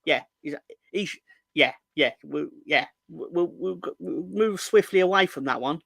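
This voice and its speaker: A man's voice: on the high side, unhurried, vocal fry, fairly bright tone, dry recording. A man with a London accent co-hosting a casual football podcast, rambling and joking as he reads out viewer comments. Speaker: podcast co-host.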